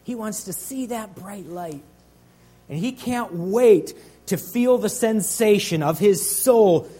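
A high-pitched male pastor delivering a sermon. He preaches earnestly, drawing out key phrases and rising in force on the big lines. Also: mellow, slightly rough.

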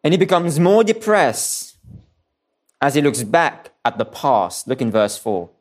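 A man's voice: medium pitch, big pitch swings, a little slow. A man preaching a sermon, earnest and repeating key phrases for emphasis, sometimes restarting his words. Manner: restarts and stumbles on some words.

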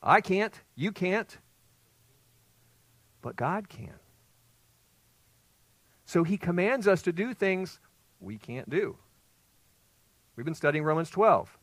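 A man's voice: high voice, very animated, slow, pauses often, fairly bright tone, dry recording. A male pastor preaching an expository sermon, emphatic and putting rhetorical questions to his congregation.

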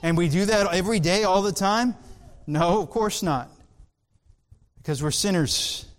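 A man preaching a sermon in an earnest, emphatic way, drawing out key words slowly. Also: sits high. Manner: earnest, emphatic, with slow drawn-out stresses.

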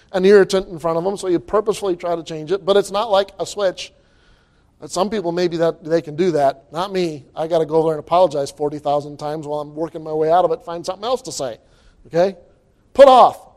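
A man preaching a sermon, animated and reading scripture aloud in old-fashioned wording. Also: high voice. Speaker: pastor.

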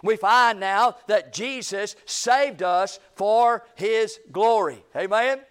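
A man preaching in a church, his voice sitting high and his delivery unhurried. He reads scripture in a measured cadence and swings from ringing declarations down to near-whispers. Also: clean tone. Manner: preaching with dramatic pauses, swinging from loud to hushed; reads scripture aloud in a slow, deliberate cadence. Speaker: pastor. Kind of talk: sermon. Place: church sanctuary.

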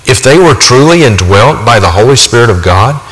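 A man preaching a sermon with forceful, emphatic delivery, repeating his key points for weight. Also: medium pitch, lively intonation, a little fast. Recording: long hall reverb.

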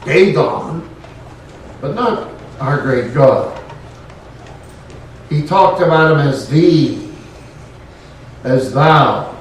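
A man's voice: a little high, lively intonation, very slow, pauses often, slight background noise. A man preaching a sermon in a folksy way, rising to emphatic points. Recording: echoey room, voice from far off.

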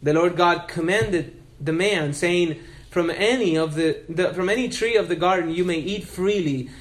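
A man's voice: high voice, moderate pace. A male pastor preaching an expository sermon, reading scripture and explaining it with earnest emphasis.

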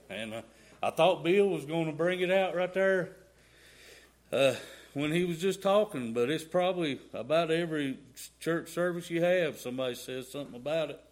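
A middle-aged man giving a rambling, folksy testimony in a church. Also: on the high side. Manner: rambling folksy storytelling, y'all and ain't. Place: church sanctuary.

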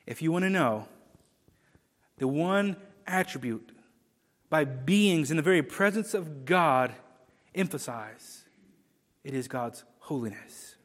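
A man preaching a sermon, emphatic, swinging between loud proclamation and hushed low lines. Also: big-room sound.

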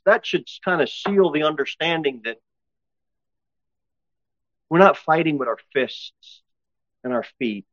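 A man preaching a sermon, swinging from loud exhortation to low, intense asides and slowing down to read scripture aloud. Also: no room sound. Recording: dull, dry lo-fi recording.

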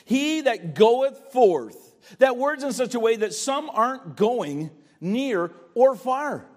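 A man's voice: extremely high pitch, big pitch swings, slow. An older man preaching a sermon in a pleading, earnest way, often stammering and repeating phrases. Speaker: pastor.

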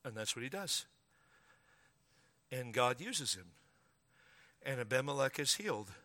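A man's voice: mid-range voice, very animated, measured pace, pushed and bright. A male pastor preaching a storytelling sermon, conversational and humorous, then rising to emphatic preaching. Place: church sanctuary. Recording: long reverb of a large hall.

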